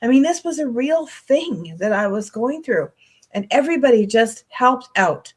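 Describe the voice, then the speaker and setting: A woman's voice: on the high side, animated, moderate pace. A middle-aged woman co-host, talking candidly and emotionally in a casual chat.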